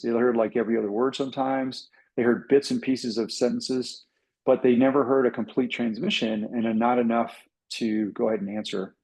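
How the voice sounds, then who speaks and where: A man with a gravelly, somewhat husky voice tells a flying story to a club audience. He talks casually and with energy, and he acts out the radio calls as he goes. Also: mid-range voice, a little mellow, low-quality recording. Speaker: pilot and flight instructor. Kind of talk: casual talk to a pilots' club.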